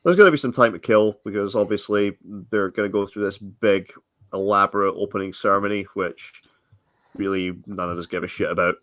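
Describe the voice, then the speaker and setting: Low-voiced guy co-hosting a stream, dry close sound, rambly with lots of ums. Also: a bit bright, no echo. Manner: rambling, halting with fillers. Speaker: co-host. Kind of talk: casual live-stream chat.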